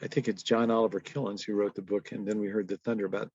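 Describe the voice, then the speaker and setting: A man's voice: on the low side, flat delivery, fast, darkish tone, husky, dry recording, muffled recording. A man in his seventies, a guest in an interview, telling stories and laughing often as he talks. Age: 70s. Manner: storytelling, quotes others in acted voices, laughs often. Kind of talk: conversational interview.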